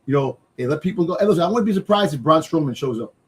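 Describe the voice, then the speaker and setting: Man, husky slightly high voice, rambling casual wrestling chat, lots of fillers. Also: lively intonation, racing. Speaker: podcast co-host.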